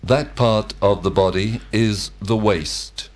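Slow, lowish man giving drill answers. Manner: slow, full-sentence answers. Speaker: model student.

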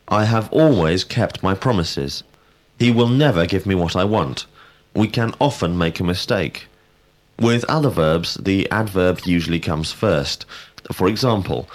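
Deep-voiced man teaching grammar. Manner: measured, precise, prompting. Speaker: language teacher. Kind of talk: scripted grammar lesson.

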